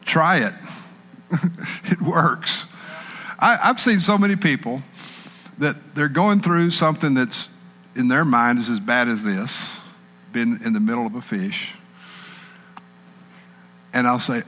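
A man preaching a sermon in an animated way, acting out panicked people in a raised voice. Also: medium pitch, a little slow, long pauses, long reverb tail.

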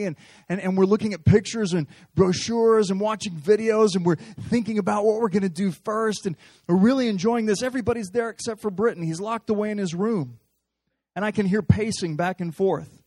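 Pastor, man with a high voice and a dry, close sound, telling stories from the pulpit and stumbling through restarts. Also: fast, darkish tone, no room sound. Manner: conversational, storytelling with repeated restarts. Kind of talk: sermon.

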